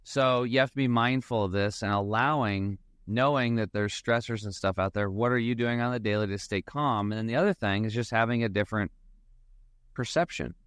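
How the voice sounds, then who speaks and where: A man's voice: on the low side, a little fast, a bit bright, smooth, no echo, clean studio sound. A man, a financial advisor guest, chatting casually in a rambling storytelling way and acting out bits of dialogue. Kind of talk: casual podcast conversation.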